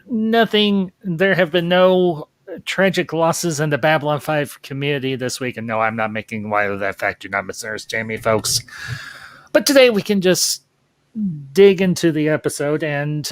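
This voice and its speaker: A man's voice: fairly high pitch, fairly bright tone, dry recording. Folksy man hosting a livestream. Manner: folksy, chatty, with frequent ums. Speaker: host. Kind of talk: casual livestream chat.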